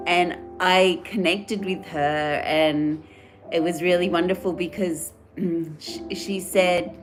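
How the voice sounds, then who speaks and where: A woman's voice: on the low side, fairly even intonation, slow, music in the background. A woman chatting casually and earnestly on a live stream, rambling and reading out viewer comments. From Australia. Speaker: livestream host.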